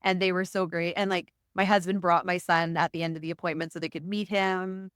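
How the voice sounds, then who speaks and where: A woman guest on a podcast, telling stories in a lively way and acting out what she once said. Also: lowish voice, a little fast, clear, resonant tone, no echo, clean studio sound. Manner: animated storyteller, acts out her own past words. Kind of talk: casual conversation.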